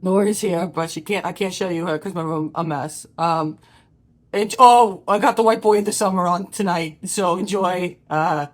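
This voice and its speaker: A woman's voice: lowish voice, moderate pace. A woman who feels sick, chatting in a rambling casual message to her fans. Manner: rambling, laughing. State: sick, stuffy. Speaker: podcast host.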